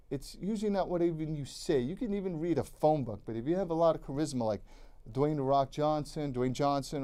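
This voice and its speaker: A man talking casually about movies on a public access show. His voice is mellow and a little dark, at an ordinary pitch. He rambles, circles back to the same names and restarts his sentences often. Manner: rambling, repeats himself, lots of restarts. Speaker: cable access show co-host.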